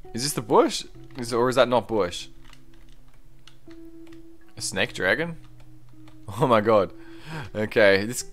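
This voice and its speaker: A young man streaming a game, chatting casually, reading viewer comments aloud and breaking into excited exclamations. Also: medium pitch. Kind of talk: live-stream gameplay commentary.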